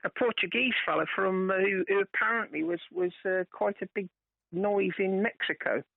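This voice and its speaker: Male caller from England on a tinny phone line, high voice, hesitant and chuckling. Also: fairly even intonation, moderate pace, gravelly, no room sound. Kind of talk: radio phone-in call.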